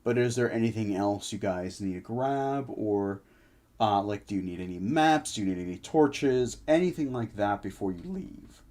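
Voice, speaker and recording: A man's voice: on the low side, animated, normal speed, mellow. A man running a tabletop game on a livestream, easygoing and chatty with lots of filler. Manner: easygoing, chatty, laughs often. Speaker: game master.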